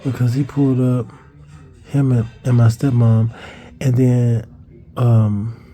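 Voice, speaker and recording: Faint music plays behind a vlogger as he slowly recounts a childhood memory in a level tone. He has a deeply mellow, dark voice of middling pitch. His casual telling rambles with restarts, cursing, and tripped words, and he goes higher when voicing others.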